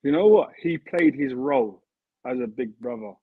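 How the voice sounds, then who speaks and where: Over a tinny, phone-like remote line with no room sound, a man in his thirties who once played football speaks at a moderate pace in a husky, medium-pitched voice. He's animated and earnest in this casual interview chat, circling back over his words as he develops his point.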